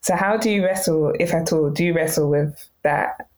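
A woman's voice: low-pitched, normal speed, darkish tone. A woman with a British accent interviewing a guest, asking long, thoughtful questions. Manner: thoughtful, asks questions at length. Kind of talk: casual interview.

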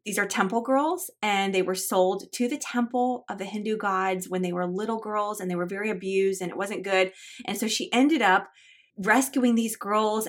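A woman of middle pitch teaches a Bible study on her podcast, earnest and encouraging. She talks to her listeners like friends, especially moms, and moves from chatty asides into reading passages aloud. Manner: reads scripture and story passages aloud between chatty asides.

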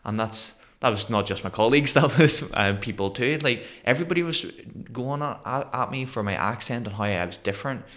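A man in his thirties from Northern Ireland with a Northern Irish accent, a podcast guest telling his story in an animated way and acting out the voices of people he quotes. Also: mid-range voice, brisk, few pauses. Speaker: guest, motivational speaker. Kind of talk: conversational storytelling interview.

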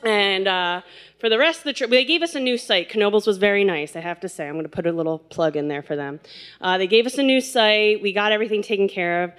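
A woman casually telling a funny personal story, animated, laughing and acting out quotes. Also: medium pitch, quick pace, clear, resonant tone.

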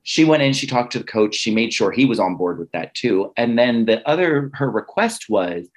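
Husky man telling a personal story. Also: medium pitch, a little fast, hardly any pauses. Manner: animated, acts out quoted dialogue with restarts and "like" fillers.

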